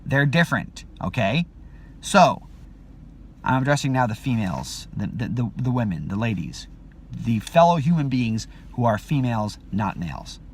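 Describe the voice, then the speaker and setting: A man's voice: sing-song, normal speed, husky. A man hosting a video, talking in a casual rambling monologue full of restarts and fillers. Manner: acts out quotes with sudden high-pitched outbursts. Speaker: video host.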